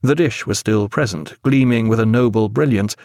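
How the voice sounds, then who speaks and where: A man narrating a novel aloud in a measured, expressive storytelling manner. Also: fairly low pitch, gravelly, no room sound, studio quality. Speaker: audiobook narrator. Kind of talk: scripted narration.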